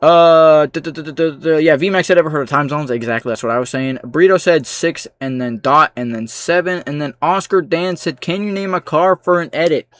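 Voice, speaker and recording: A man livestreaming, reading out chat comments with dry, sarcastic replies and low-key asides. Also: brisk, few pauses, fairly bright tone, no echo.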